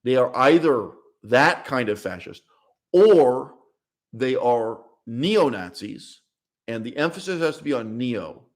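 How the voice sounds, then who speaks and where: A man hosting a language channel, giving a blunt, opinionated livestream monologue and laughing between points. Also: medium pitch. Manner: emphatic, blunt, laughs mid-sentence, repeats words. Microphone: streaming setup mic.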